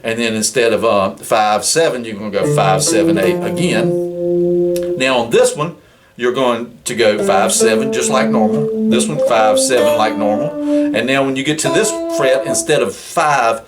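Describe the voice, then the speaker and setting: A man's voice: mid-range voice, moderate pace. A man teaching guitar in a casual, rambling, folksy way, counting frets and often restarting his sentences. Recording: guitar loud behind voice. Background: guitar playing.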